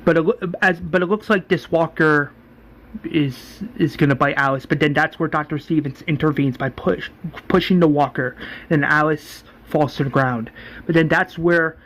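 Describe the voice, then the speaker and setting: A man's voice: on the high side, moderate pace, a bit bright. A man giving a casual, rambling spoken recap, full of fillers, acting out the lines. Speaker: fan recapper.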